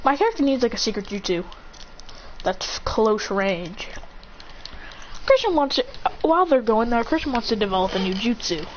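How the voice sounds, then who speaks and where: A woman improvising an action fan story, excitable, acting out sounds and shouts. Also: on the high side, moderate pace, lo-fi sound, slight background noise.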